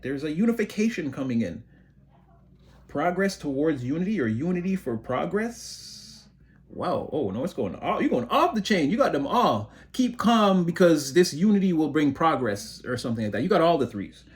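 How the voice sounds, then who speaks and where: A giggly, excitable man gives a casual tarot reading with a fairly high voice. He rambles on fast, keeps breaking into laughter, and calls himself a motor mouth. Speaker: tarot reader.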